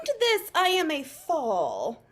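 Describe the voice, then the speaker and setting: A woman's voice: sits high, wildly swooping pitch, takes it slowly. A woman performing improv scenes, playful and giggly.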